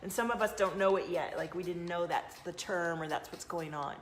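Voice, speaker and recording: Speaking fairly quickly in a lowish voice, with a little hiss or hum, an intuitive card reader with a slight Southern twang chats to her phone camera on a casual live stream. She's chatty and effusive, breaking into sudden bursts of emphasis.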